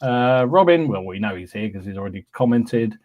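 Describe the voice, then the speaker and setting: A man's voice: fairly low pitch, animated, a little fast, lo-fi sound. A man hosting a podcast, cheerfully reading out live chat greetings with frequent ums and restarts. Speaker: podcast host.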